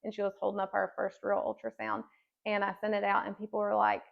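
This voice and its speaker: Gravelly-voiced woman sharing a testimony. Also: mid-range voice, completely flat delivery, quick pace, highs cut off. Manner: earnest storytelling with many "you know" fillers. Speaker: podcast guest. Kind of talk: personal faith testimony.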